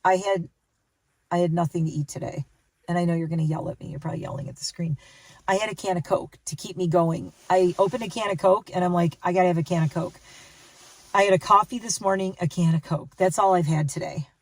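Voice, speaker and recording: A woman's voice: lowish voice, steady tone, fairly quick, no room sound, far from the mic, poor audio. A tired woman vlogging casually to the camera, rambling and correcting herself as she talks. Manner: rambling, chatty, self-correcting. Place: outdoors and in a car, rainy day.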